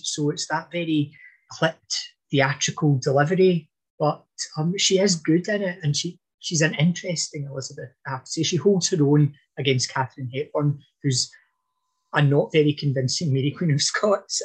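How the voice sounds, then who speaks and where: A man's voice: on the high side, normal speed, breathy edge. A man talking through history in a casual podcast chat, thoughtful and hesitant. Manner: thoughtful, hesitant with fillers and restarts. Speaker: podcast guest expert on history.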